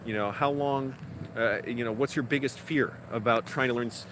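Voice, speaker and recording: A man's voice: medium pitch, fairly even intonation, normal speed. A man vlogging outdoors in a casual, rambling way, with lots of fillers. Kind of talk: casual vlog talk. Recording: outdoor street noise behind.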